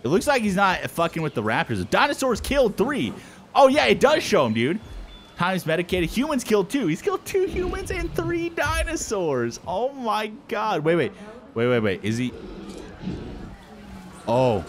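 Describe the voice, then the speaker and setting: A young man giving excited let's-play commentary, swearing and exclaiming often. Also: a little high, measured pace, background noise. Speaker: gameplay commentator.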